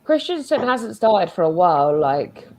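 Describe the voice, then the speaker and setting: A woman's voice: fairly low pitch, very animated, unhurried, a little mellow, poor audio. A woman co-hosting a casual football watchalong, talking earnestly with lots of "like" and hesitations. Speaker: co-host of a watchalong.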